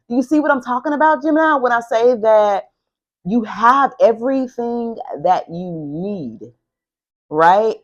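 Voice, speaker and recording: Excitable woman reading tarot cards. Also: medium pitch. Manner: excitable, emphatic and heavily profane. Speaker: tarot reader. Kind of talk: casual tarot card reading.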